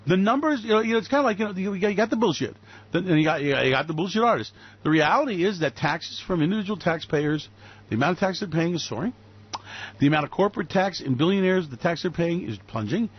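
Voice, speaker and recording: New guy ranting on his radio show, high voice, swearing and sarcastic, muffled lo-fi sound. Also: lively intonation, quick pace, husky. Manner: angry, profane, sarcastic ranting. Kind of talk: ranting political commentary.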